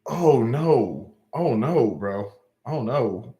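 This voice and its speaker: A man with a Southern US drawl chats on a live stream, animated and loose, circling back over the same phrases and tossing slangy asides to his viewers. His voice sits at an ordinary middle pitch. The sound carries a roomy echo. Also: very slow. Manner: animated, repeats himself, talks to chat with slangy asides. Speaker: livestream host. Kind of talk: casual live-stream chat.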